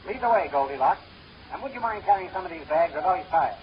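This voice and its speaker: An actor playing a fast-talking male con man who fires off deadpan puns and wisecracks, in 1930s radio comedy. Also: fairly high pitch, lo-fi sound, close to an everyday voice. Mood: wisecracking. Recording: scratchy, hissy 1930s radio recording.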